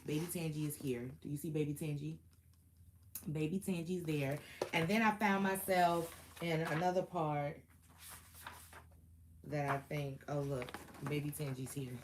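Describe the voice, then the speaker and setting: A woman, chatting casually to camera about her Marine days, animated and full of slang and laughter. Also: sits low, unhurried, long pauses, background noise. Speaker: Marine veteran vlogger.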